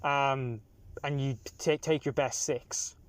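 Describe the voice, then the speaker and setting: A young Irish man in his twenties, a taxi passenger explaining things in relaxed casual chat, with many fillers and restarts. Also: medium pitch, slow pace. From Ireland. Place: inside a taxi.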